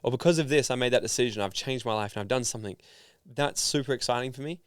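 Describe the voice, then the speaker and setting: An Australian man telling stories in a casual interview, animated and full of fillers. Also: mid-range voice, quick pace, no room sound, studio quality. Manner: animated storyteller, filler-heavy. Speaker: podcast guest, founder and speaker.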